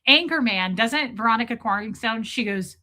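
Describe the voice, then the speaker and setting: A woman hosting a casual live stream and chatting with viewers, animated and quick to laugh, swearing freely. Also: a little high. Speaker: live-stream host reading chat.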